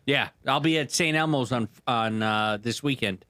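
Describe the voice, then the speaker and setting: A man's voice: medium pitch, moderate pace, sharp tone, dry recording. A man co-hosting a podcast, chatting casually and announcing upcoming shows. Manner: easygoing, hesitant with fillers. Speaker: podcast co-host. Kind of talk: casual banter.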